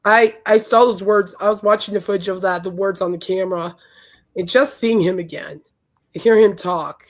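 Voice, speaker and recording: A woman podcast host, hoarse from singing, talking in a chatty, emphatic and indignant way. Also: mid-range voice, moderate pace. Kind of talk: casual chat.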